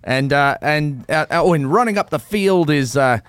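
A man's voice: fairly high pitch, animated, moderate pace, a bit bright, clear, resonant tone. A man putting on a cheery Australian footy-loving bloke with mock slang that drifts toward cockney.

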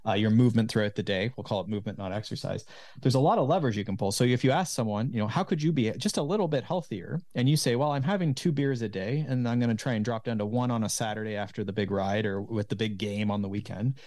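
A man's voice: fairly low pitch, fast talker, darkish tone, dry recording. Man explaining health habits over a dry call. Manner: explanatory, coaching tone. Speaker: guest, health coach. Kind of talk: casual interview chat.

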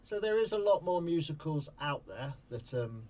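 A man's voice: a little high, big pitch swings, normal speed, darkish tone. A man from southern England who directs theatre, talking earnestly on a radio show, often restarting his sentences. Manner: earnest, repeats himself, many restarts. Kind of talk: casual radio interview. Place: radio studio.

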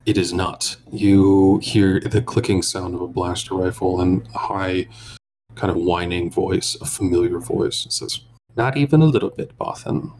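A man narrating a tabletop role-playing game as game master, describing scenes in an unhurried way with small pauses. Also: sits low, level tone, noisy background.

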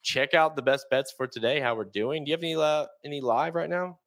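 A man's voice: a little high, brisk, fairly bright tone. A man hosting a casual podcast, laid-back and often restarting his sentences. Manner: laid-back, repeats words as he starts sentences. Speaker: podcast host. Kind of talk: casual chat.

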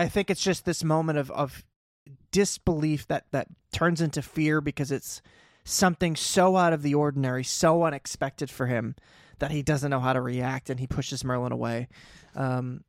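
A man's voice: fairly high pitch, dry recording, clean studio sound. Casual man recapping a fantasy show. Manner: animated, swears casually, reads quotes aloud. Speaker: podcast co-host.

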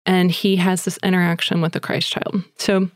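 A podcast host with a fairly low-pitched woman's voice retells a story casually, chatty and breathless, using fillers like "like" and "you know." Her delivery is flat at normal speed, in studio quality with no room sound.

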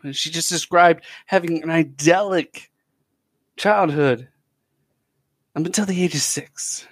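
A man's voice: a little high, a little slow, no echo, clean studio sound. A man hosting a podcast in a casual, chatty, enthusiastic monologue, often restarting his sentences. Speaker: podcast host.

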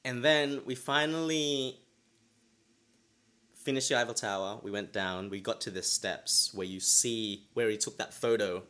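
A man's voice: lowish voice, unhurried, bright, forceful tone. A young man hosting a podcast, telling a personal story in a rambling way with many restarts. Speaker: podcast host. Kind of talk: casual chat.

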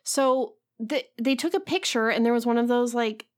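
A woman's voice: a little high, moderate pace. A woman co-hosting a podcast in casual chat. She tells a story with lots of fillers and restarts. She acts out other people's lines and laughs along the way. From United States. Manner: chatty storyteller, acts out quotes, laughs often. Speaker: podcast co-host.

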